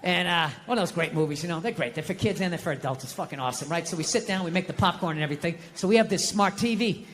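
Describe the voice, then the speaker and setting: A middle-aged man doing a stand-up comedy set, animated and swearing as he rants. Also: on the high side, racing, long reverb tail.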